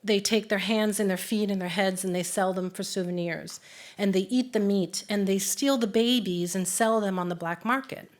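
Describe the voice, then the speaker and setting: A woman telling a true personal story live, in a vivid, animated way that swings from hushed to excited. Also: medium pitch, normal speed.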